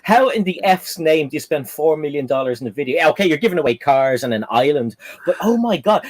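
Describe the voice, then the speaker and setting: A man's voice: fairly high pitch, animated, a little fast, dry recording. A man with an Irish accent hosting a casual live stream chat. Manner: chatty, playful with a child.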